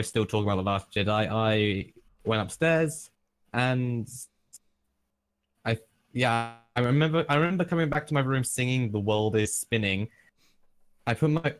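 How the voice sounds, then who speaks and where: A man with a British accent rambling through a story in a casual podcast chat, stopping and restarting. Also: mid-range voice. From Britain. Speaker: podcast co-host.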